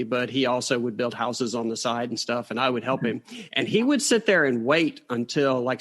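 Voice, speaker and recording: A man's voice: medium pitch, a bit bright. A middle-aged man with a rural Virginia accent, a guest telling stories about his past with self-deprecating humor and chuckles. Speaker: guest, author. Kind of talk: casual storytelling interview.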